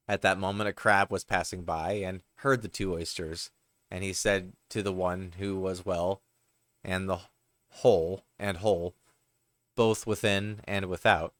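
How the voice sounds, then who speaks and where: Low voiced guy reading parables real slow, dry close sound. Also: fairly even intonation, fairly bright tone, dry recording. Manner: unhurried, with occasional slips. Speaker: reader.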